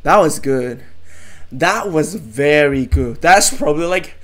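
A streamer giving excited live reaction commentary, full of exclamations and swearing. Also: medium pitch, takes it slowly.

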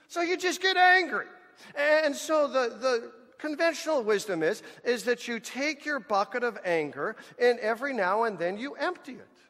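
High-voiced preacher in a reverberant church. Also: male voice. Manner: animated preacher, addresses the congregation as folks. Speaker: pastor. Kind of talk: sermon. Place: church sanctuary. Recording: church hall with long reverb.

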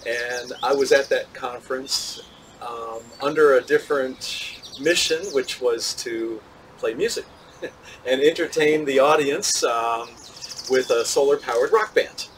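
A man, a physicist, answering interview questions in a measured, thoughtful way, with small laughs and restarts. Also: mid-range voice, far from the mic, slight background noise, poor audio. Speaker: physicist and solar cooker tester, interview guest.

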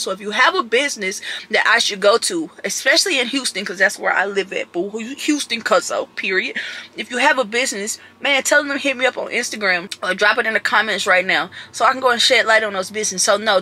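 A man vlogging casually while driving, animated and excitable with loud outbursts, recorded on a phone inside a moving car. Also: high-pitched. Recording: car road noise.

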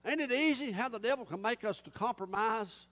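Man, pastor, impassioned folksy sermon, very high voice, long echoing church reverb. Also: fairly quick, fairly bright tone. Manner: impassioned, folksy preaching with casual grammar. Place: church sanctuary.

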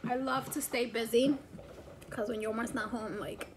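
A woman's voice: on the high side, fairly even intonation, moderate pace, noisy background. A woman vlogging casually at home as a mother, chatty and rambling with many fillers. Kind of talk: casual chat. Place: home, indoors.

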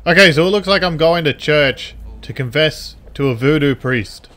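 A man giving goofy, wisecracking commentary while playing a video game, often yelling at the characters. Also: a little high, normal speed. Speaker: puppet character gameplay commentator. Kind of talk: comedic gameplay commentary.

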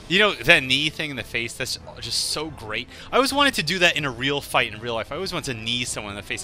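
A man's voice: medium pitch, bright, forceful tone. A man giving casual gameplay commentary, rambling and joking as he tells stories. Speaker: gaming commentator.

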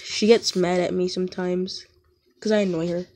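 A woman chatting casually over gameplay at home, slangy and prone to sudden excited yelps. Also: fairly low pitch, normal speed. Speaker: gaming YouTuber.

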